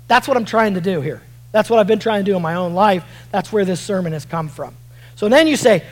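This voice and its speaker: A pastor preaches a sermon a little fast, shouting at points of emphasis and dropping low to read scripture. He often repeats words and restarts phrases, and the recording is rough.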